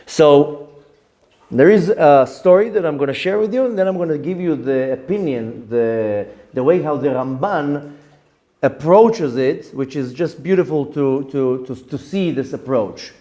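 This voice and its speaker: Rabbi giving a lively storytelling lesson; higher male voice, warm and dark in tone, with many repeats. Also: measured pace. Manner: animated, repeats words, acts out quotes in the story.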